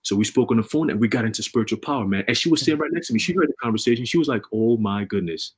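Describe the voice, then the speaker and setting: On a religious livestream, a man casually preaches and tells a story in energetic, repetitive street talk packed with slang. His medium-pitched voice is husky and rapid-fire.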